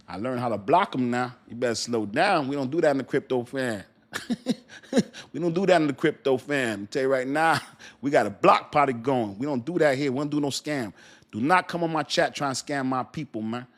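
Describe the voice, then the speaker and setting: Rambling man hosting a crypto livestream. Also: mid-range voice. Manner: rambling, slangy, fillers, talks straight to chat. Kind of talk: casual livestream chat.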